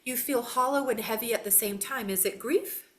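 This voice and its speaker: A woman, a psychic doing casual readings on a live call, animated, folksy and quick to laugh. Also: a little high. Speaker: psychic guest.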